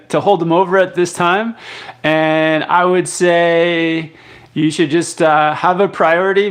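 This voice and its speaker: Casual young man chatting on a live stream. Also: a little high. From Canada. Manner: relaxed, rambling, many fillers and restarts. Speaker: live chat host. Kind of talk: casual live stream chat reading viewer comments.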